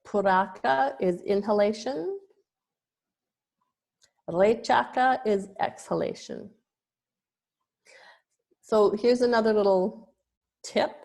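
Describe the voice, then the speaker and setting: Slow, patient woman yoga teacher. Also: mid-range voice, creaky, a little mellow. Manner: slow, patient explaining with small restarts. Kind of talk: online lesson on terminology.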